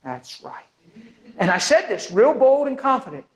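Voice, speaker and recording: A man preaching a sermon, telling a story with lively energy and acting out the people in it. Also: very high-pitched, normal speed, rough recording. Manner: animated, acts out the people in his stories.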